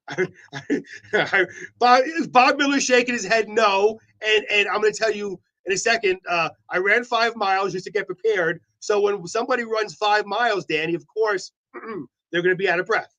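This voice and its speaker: High-voiced man co-hosting a morning show. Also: normal speed, bright, forceful tone, rough recording. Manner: playful, mock-defensive teasing. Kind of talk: joking banter on a morning show.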